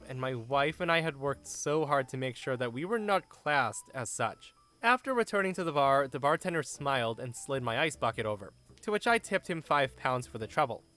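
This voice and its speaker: Casting note: lively male storyteller, a bit high-pitched, faint music underneath. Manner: expressive, animated narration. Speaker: storyteller narrating online posts. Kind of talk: narrated story reading with commentary.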